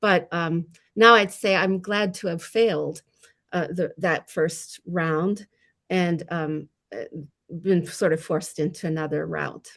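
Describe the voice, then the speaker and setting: A woman's voice: on the low side, fairly even intonation, slow, vocal fry, fairly bright tone. A woman novelist on a panel discussion, talking in a reflective, self-deprecating way and laughing at herself.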